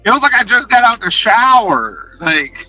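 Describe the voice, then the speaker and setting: A man chatting casually on a live stream, talking in an animated, passionate way and swearing freely, speaking into a headset. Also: high voice, moderate pace, no echo, faint music behind, rough recording. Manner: animated, passionate, profane talk.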